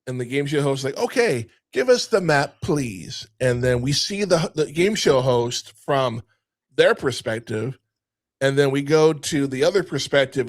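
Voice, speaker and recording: A man co-hosting a film podcast, retelling a movie scene by scene in casual chat with plenty of swearing and quick character voices. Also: mid-range voice, no room sound, studio quality. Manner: animated retelling, profane, acting out character voices. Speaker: podcast co-host, film critic.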